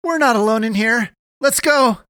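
A man's voice: very high voice, moderate pace, clear, resonant tone, dry recording, studio quality, pitched above the performer's own voice. A man voicing a terrified young man in an audiobook, crying out in alarm. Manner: shouting in alarm.

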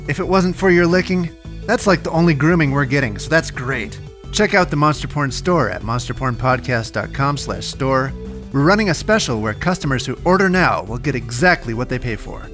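A man hosting a comedy podcast, reading the show's outro with deadpan jokes. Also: mid-range voice. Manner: deadpan joking delivery. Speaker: podcast host.

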